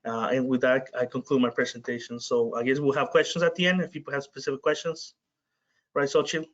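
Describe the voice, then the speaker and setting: A man giving a webinar presentation for a community organization, halting often with filler sounds. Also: medium pitch, level tone. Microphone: video call. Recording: muffled video-call audio.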